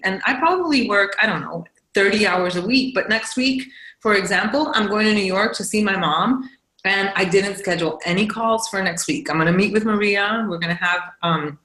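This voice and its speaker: A woman's voice: mid-range voice, sharp tone. Woman, team leader, casual motivational chat, frank, roomy sound. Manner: chatty, frank, encouraging. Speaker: team leader on a coaching call.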